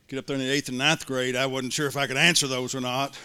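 Folksy middle-aged preacher telling a story. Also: male voice, medium pitch, quick pace, clear, resonant tone. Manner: folksy, building to excited shouts. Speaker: pastor. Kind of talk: sermon storytelling.

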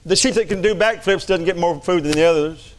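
A man's voice: high-pitched, fairly quick. A middle-aged man preaching a sermon, fervent and repetitive. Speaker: pastor.

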